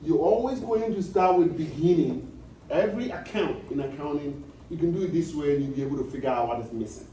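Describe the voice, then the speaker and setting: A man's voice: fairly high pitch, lively intonation, fairly quick, mellow. A man giving an accounting lecture, repeating key points and often checking that students follow. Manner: repetitive, checks understanding with questions. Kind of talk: classroom lecture. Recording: echoey room, distant mic, faint noise.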